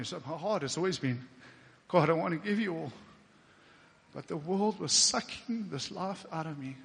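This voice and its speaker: A South African man preaching a personal testimony sermon in a church, talking conversationally and emotionally, with quoted inner speech and fillers. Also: a little high. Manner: emotional, getting teary at times. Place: church hall. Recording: long church reverb.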